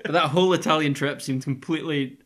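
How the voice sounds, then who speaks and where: A man co-hosting a film podcast, recapping the plot in a relaxed way and chuckling now and then. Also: a little high, quick pace, noisy background. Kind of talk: casual film chat.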